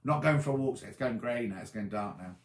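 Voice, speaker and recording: A man's voice: mid-range voice, quick pace, echoey room. A tired man hosting a casual live-stream chat, rambling as he answers viewers' comments. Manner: chatty, rambling, reads comments aloud and answers them. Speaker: host.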